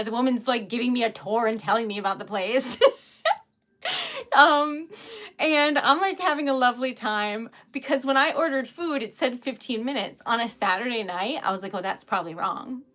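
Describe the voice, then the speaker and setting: A woman's voice: fairly high pitch, fairly bright tone. Giggly chatty woman crafting live. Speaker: craft livestream host. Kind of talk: casual chat while crafting. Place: home craft table.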